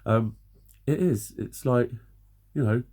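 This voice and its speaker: A man's voice: medium pitch, slow pace, a little mellow. A man in his forties giving blunt, sweary, earnest advice in a ranting monologue. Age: 40s. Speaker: vlogger.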